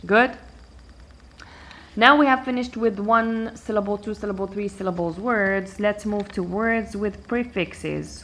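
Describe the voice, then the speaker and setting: A woman teaching an English pronunciation lesson, counting syllables aloud slowly and deliberately. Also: mid-range voice, a bit bright. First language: Arabic.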